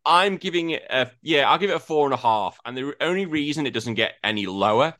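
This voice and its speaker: Lively, bright-voiced man ranting. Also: on the high side, quick pace, no echo, studio quality. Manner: swears freely, ranty and animated. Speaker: podcast host. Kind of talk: casual gaming chat.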